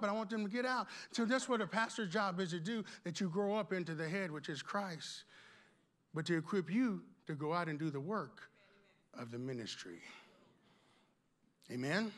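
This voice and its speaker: A middle-aged male pastor preaches at a conference in a high, ringing voice. He is exuberant and animated, speaking loosely and casually and drawing answers from the room. His tone is sharp and bright. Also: normal speed. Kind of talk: conference sermon.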